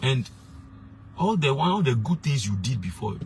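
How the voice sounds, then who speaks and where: A man's voice: mid-range voice, big pitch swings, normal speed, vocal fry, darkish tone, a little hiss or hum. A young man, a street preacher giving blunt, emphatic advice and slipping into pidgin. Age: young adult.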